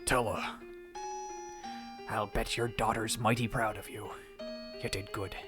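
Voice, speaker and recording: A man voicing a jolly old male engineer with a rough, growly pirate drawl. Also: on the low side, little pitch movement, measured pace, over music, lightly acted. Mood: hearty.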